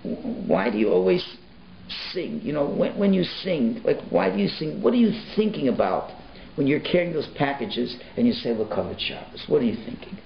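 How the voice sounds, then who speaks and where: A man voicing a holy older rabbi who speaks gently and reverently, in an echoey, muffled recording. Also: sing-song, moderate pace, gravelly, a little hiss or hum. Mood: earnest. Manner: gentle, coaxing, deeply reverent.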